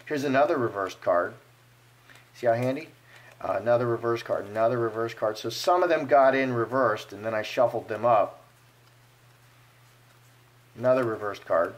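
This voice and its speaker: A card reader with a medium-pitched voice offers casual fortune-telling commentary while reading cards. He's animated and playful, acting out imagined speech.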